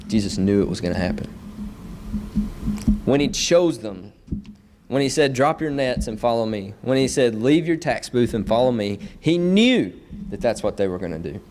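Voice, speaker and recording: A man's voice: mid-range voice, lively intonation, moderate pace, darkish tone, a little hiss or hum. A young man preaching a sermon in a church, earnest and building his points through repeated phrases. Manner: earnest, repetitive emphatic phrasing.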